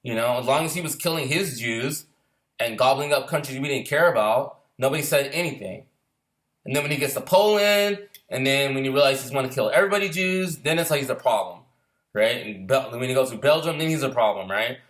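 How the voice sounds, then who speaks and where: A man's voice: medium pitch, expressive, fairly quick, fairly bright tone. A man on a heated, profane casual rant, firing off rhetorical questions. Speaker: filmmaker sharing opinions. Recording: roomy echo.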